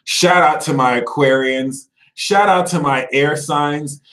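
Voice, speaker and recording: A high-pitched man talks into an echoey room, hosting an astrology stream with an animated, ranting delivery. He drops to low mutters, then breaks into loud shouts. He mocks other signs in put-on voices. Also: slow pace. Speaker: astrology channel host. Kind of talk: animated livestream rant.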